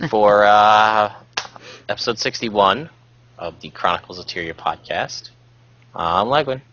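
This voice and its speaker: A male podcast host with a low voice and a relaxed, rambling manner full of fillers. His tone is bright and forceful. The sound is dry and a little dull and lo-fi. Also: measured pace, a little hiss or hum. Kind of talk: casual podcast chat.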